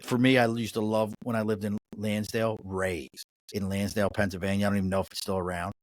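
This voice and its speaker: A man's voice: on the low side, level tone, quick pace, no echo. A middle-aged man with a Baltimore accent, chatting casually as a podcast guest, blunt and profane in his storytelling. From Mid-Atlantic US. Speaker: podcast guest, business owner. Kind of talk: casual chat.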